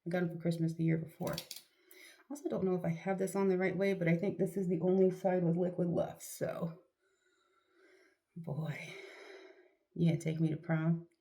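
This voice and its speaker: A woman's voice: on the low side, flat delivery, fairly quick, mellow. A middle-aged woman vlogging at home, chatting casually to camera with rambling, self-deprecating asides and a sniffly nose. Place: at home, doing a face mask.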